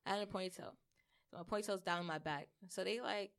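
Bright, brash woman storyteller. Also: mid-range voice, lively intonation, fast. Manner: brash, swearing, storytelling with acted-out quotes. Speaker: podcast co-host. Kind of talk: casual chat.

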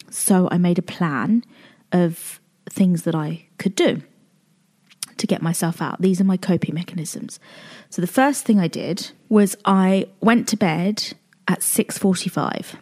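A British woman hosts her own podcast in a lowish, mellow voice at a measured pace. Talking solo, she speaks candidly and emotionally in a confessional way.

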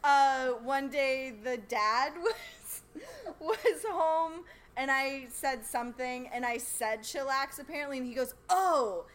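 A woman's voice: high voice, slow, fairly bright tone. A woman nanny in a casual group chat, giggly and a little hesitant, with plenty of "uh.".

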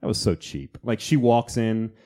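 A man's voice: fairly low pitch, moderate pace. A man co-hosting a casual podcast, telling stories animatedly and acting out quotes in silly voices. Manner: animated storyteller, acts out quotes in funny voices. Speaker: podcast co-host. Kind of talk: casual chat.

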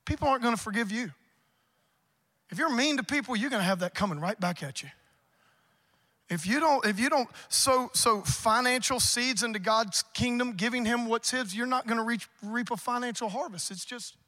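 High bright-voiced preacher. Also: male voice. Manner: emphatic preaching, rising loud on key points. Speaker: pastor. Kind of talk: sermon. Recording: reverberant church hall.

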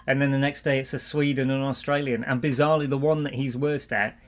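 Middle-aged English-born guest, easygoing storyteller, mid-pitched voice. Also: male voice, fast. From England. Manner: relaxed, anecdotal storytelling. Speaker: guest, marketing executive. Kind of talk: casual interview chat.

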